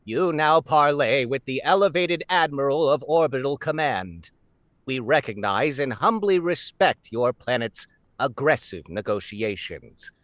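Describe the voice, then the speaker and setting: A man's voice: mid-range voice, expressive, a little slow, a bit bright, dry recording. A man voicing a formal male alien admiral in a game, speaking in a stiff, stately way.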